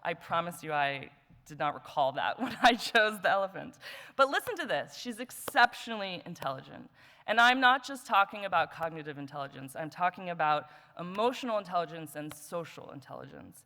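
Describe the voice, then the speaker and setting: A lower-voiced woman introduces a colleague at a conference session. She lists qualities one after another, adding small jokes. The voice rings out in a large hall with a long echo. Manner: warm, lightly joking, lists qualities one by one. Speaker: award presenter, former student. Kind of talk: introduction speech at an award session.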